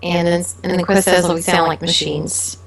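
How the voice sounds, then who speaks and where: A woman's voice: on the low side, flat delivery, normal speed, creaky. A woman co-hosting a casual gaming podcast who passes along comments from the chat room and laughs easily. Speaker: podcast co-host.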